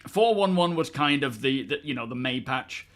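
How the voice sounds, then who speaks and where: A man's voice: medium pitch, lively intonation, normal speed, a bit bright. A man from England hosting a casual live stream, chatting loosely and answering viewers by name. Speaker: livestream host.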